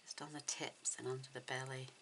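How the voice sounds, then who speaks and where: A woman hosting a card-making tutorial, talking softly and admiringly as she works, often dropping to a near whisper. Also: very deep voice, little pitch movement, brisk, a little hiss or hum, poor audio. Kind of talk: relaxed craft tutorial narration.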